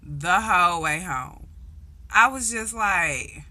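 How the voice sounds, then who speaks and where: A woman's voice: on the low side, lively intonation, takes it slowly, pushed and bright. A young woman with a St. telling blunt, profane stories in a casual vlog, acting out the voices of people she quotes. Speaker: vlogger. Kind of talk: casual storytelling monologue.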